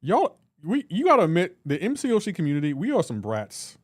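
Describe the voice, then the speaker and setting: A man's voice: sits high, wildly swooping pitch, a little fast, no room sound, clean studio sound. A man on a live reaction stream, teasing and bantering with his chat and laughing often. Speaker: livestreamer.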